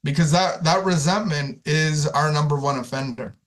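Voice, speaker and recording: Man, slightly high voice, casual spiritual talk, conversational, frequent restarts and repeated words. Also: moderate pace. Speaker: speaker sharing at a recovery community.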